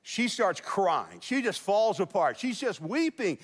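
A man with a fairly high voice preaches to a congregation, spinning a folksy, joking story and laughing between lines. His voice rings through a large church hall with a long echo. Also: very animated, unhurried. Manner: folksy storytelling with jokes and chuckles. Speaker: pastor. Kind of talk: sermon. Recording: big reverberant church hall.

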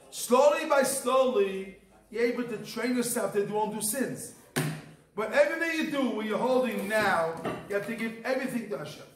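A man's voice: sits high, fairly bright tone. A man, a rabbi, teaching a Torah class in an emphatic, repetitive manner, his English mixed with Hebrew terms. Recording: echoey room.

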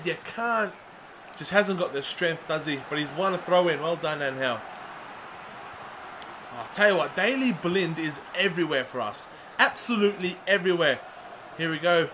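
Excitable young man, high voice. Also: noisy background. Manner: excitable, swings from groans to yelling. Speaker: gaming commentator. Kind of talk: live commentary over a football video game.

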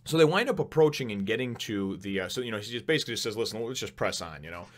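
A man's voice: medium pitch, expressive, racing. A man casually reviewing a manga chapter, rambling with many fillers, laughing often and swearing now and then.

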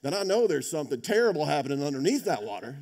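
A man preaching a sermon in a warm, mellow voice. He tells stories conversationally, checks in with his listeners, and swings from loud emphatic peaks down to hushed, intense passages. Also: on the high side, big pitch swings, fast talker. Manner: conversational, asks "right?". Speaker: pastor.

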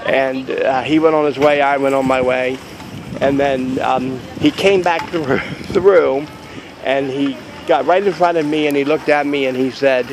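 A man's voice: a little high, normal speed, slight background noise, low-quality recording. A man chatting casually to camera in a vlog outside a store, rambling and joking about deals. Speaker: vlogger.

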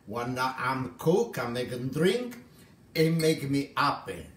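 A man's voice: mid-range voice, sing-song, slow pace, echoey room. A man from Italy with an Italian accent, chatting cheerfully in broken English while he makes a drink on a live cooking stream. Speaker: home cook host.

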